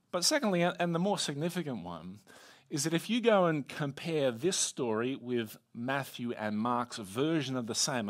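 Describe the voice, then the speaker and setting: Higher-voiced man preaching playfully. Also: a bit bright. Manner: conversational, playful asides. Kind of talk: sermon.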